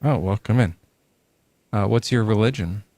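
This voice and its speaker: A man's voice: lowish voice, normal speed, warm tone, dry recording. A man hosting a casual livestream debate show, talking with many fillers and restarts. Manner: hedging, lots of fillers and restarts. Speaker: podcast host.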